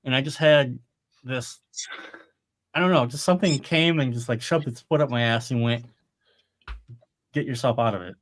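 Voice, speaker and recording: On a live stream, a middle-aged co-host of a podcast makes casual, meandering conversation full of profanity. He speaks with medium pitch at a moderate pace, broken by long pauses.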